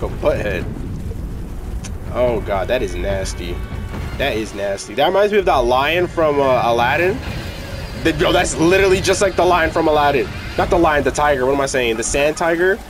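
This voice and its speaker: Excitable young man yelling over gameplay. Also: mid-range voice. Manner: excitable, yelling, slangy, hype. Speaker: gaming streamer. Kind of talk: casual gameplay commentary.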